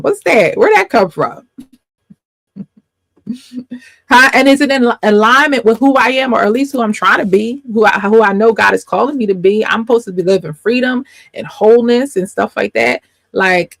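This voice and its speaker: Gravelly, emphatic woman faith coach. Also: fairly high pitch, no room sound. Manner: emphatic, repeats points, quick asides and laughs. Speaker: life coach and faith teacher. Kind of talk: casual faith teaching to camera.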